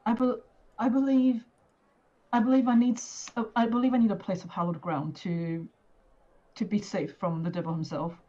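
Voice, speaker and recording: A woman's voice: mid-range voice, little pitch movement, moderate pace, mellow, natural voice. A woman voicing a polite young noblewoman who fears for her safety, speaking earnestly. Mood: anxious. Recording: dull lo-fi audio.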